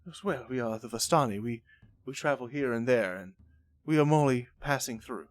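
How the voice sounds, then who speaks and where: A man's voice: medium pitch, fairly quick, no room sound, natural voice. A man voicing a guarded female caravan traveler who speaks hesitantly and evasively in a tabletop game.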